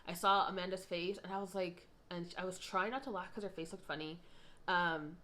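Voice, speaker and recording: This twentysomething woman talks fairly quickly as she casually tells a story, wandering into frequent asides; her voice rises in pitch and volume whenever she's indignant.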